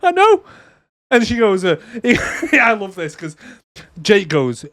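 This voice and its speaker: A man's voice: sits high, very animated, measured pace, fairly bright tone, dry recording. A young man co-hosting a movie podcast, swearing a lot and laughing often as he retells scenes and mocks the lines in put-on voices. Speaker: podcast co-host. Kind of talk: casual movie recap chat.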